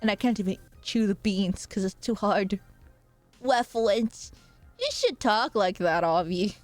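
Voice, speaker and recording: A woman's voice: mid-range voice, expressive, measured pace, no room sound, soft background music. A young woman streaming live, chatting casually with viewers and reading their comments aloud, with a playful, teasing manner and frequent laughter.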